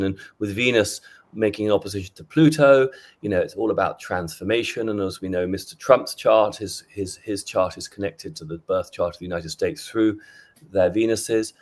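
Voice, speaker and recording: A man who is a guest on a roundtable podcast. His voice is fairly low. He rambles loosely in casual conversation. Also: fairly quick. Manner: rambling, talks astrology.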